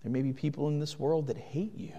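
A man preaching a sermon, earnest, swinging between loud urgent passages and hushed ones. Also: on the high side, steady tone, brisk, long reverb tail, dull audio. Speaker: pastor.

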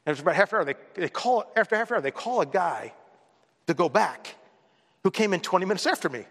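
Male pastor, bright forceful delivery, conversational sermon storyteller, long hall reverb. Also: sits high, animated, quick pace. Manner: conversational storytelling preacher, mimics others with a raised voice.

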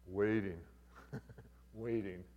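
Older pastor preaching in an echoing hall. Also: male voice, on the low side, steady tone, very slow, phone-quality sound. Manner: conversational, folksy, with humorous asides. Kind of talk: sermon.

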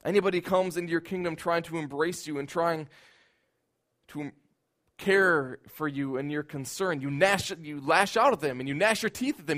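A man preaching a sermon in an earnest voice, building at times into loud, emphatic outbursts. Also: fairly high pitch, normal speed.

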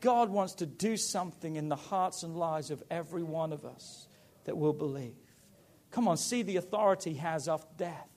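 High voiced guy preaching, gets loud and emphatic. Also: normal speed. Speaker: pastor. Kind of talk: sermon.

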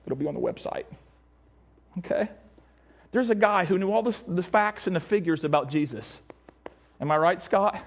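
High-voiced animated male preacher. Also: normal speed, gravelly, pauses often. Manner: animated, acts out voices, shouts for emphasis. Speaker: pastor. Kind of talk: sermon.

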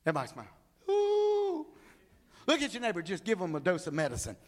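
A man preaching a humorous sermon, telling animated stories and acting out the people in them. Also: fairly high pitch, rapid-fire. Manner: animated storytelling, acts out people.

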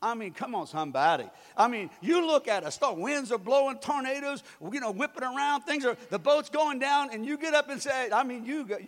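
A man preaching a sermon in an animated way, swinging between loud bursts and quiet asides and acting out voices. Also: very high voice, brisk, few pauses. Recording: long reverb of a large hall.

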